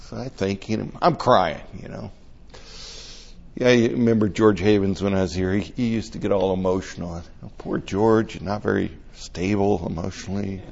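An older man preaching a conversational sermon, telling stories in an animated and emotional way. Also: on the low side, normal speed, creaky, muffled recording.

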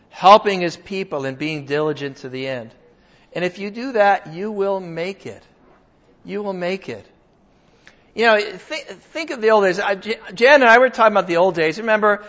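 A man's voice: high voice, a bit bright. An older man preaching a sermon to his congregation, conversational and emphatic, joking with the people in front of him. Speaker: pastor. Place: church hall with a congregation. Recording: dull lo-fi sound.

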